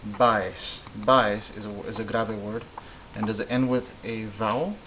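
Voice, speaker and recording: This Spanish teacher, a man with a fairly low voice, walks through a whiteboard lesson patiently and slowly, now and then pausing to correct himself. His tone is steady and a bit bright. The audio is poor, with a faint hum of noise beneath his voice.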